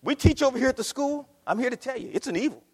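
A man from Ohio preaching a sermon, swinging between loud declarations and quiet asides as he addresses the congregation. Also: very high voice, expressive, fast, husky, in a large hall. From Akron, Ohio. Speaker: pastor.

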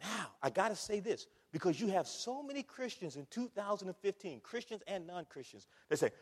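A man with a high voice delivers a sermon from a church pulpit. He preaches emphatically, stacking repeated words and rhetorical questions. His voice rings with a long reverb through the sanctuary. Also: big pitch swings, a little fast, hardly any pauses. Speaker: pastor.

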